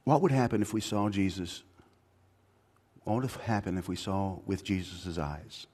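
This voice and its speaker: A male pastor preaches at a moderate pace with a breathy edge, moving from quiet, low reflection to loud, high-pitched exhortation. He uses casual slang and restarts his sentences repeatedly.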